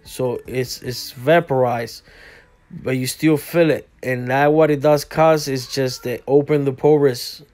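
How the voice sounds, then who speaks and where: Tired, rambling barber with a Spanish-speaking background. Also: male voice, mid-range voice, fairly even intonation, slow, darkish tone, soft background music. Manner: rambling, repeats words and says "you know what I mean". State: tired, yawning. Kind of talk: casual tutorial narration while working. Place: barbershop lounge.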